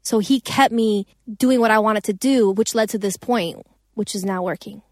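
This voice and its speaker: A woman's voice: mid-range voice, normal speed, no room sound, clean studio sound. A young woman singer talking casually in an interview, rambling and profane with many restarts. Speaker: singer and songwriter.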